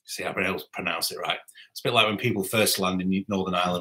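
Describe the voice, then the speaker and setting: A man's voice: deep voice, steady tone, quick pace, bright, forceful tone. A man hosting a rambling live stream, chatting and answering viewer comments. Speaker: saxophonist and YouTuber host. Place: home music room.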